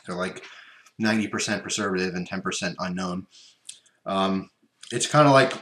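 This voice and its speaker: A man's voice: sits low, normal speed, fairly bright tone. Rambling man tasting snacks, echoey room. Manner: rambling, chatty, talks while chewing. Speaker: vlogger. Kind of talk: casual unboxing and taste-test vlog. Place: room at home by his computer. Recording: echoey room with background noise.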